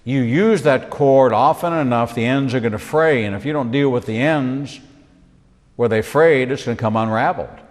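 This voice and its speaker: A rabbi teaches the Bible in a sermon style, delivering it with animation, repeating phrases for emphasis and slipping in humorous asides. His male voice sits at medium pitch and moderate pace, with a big-room sound.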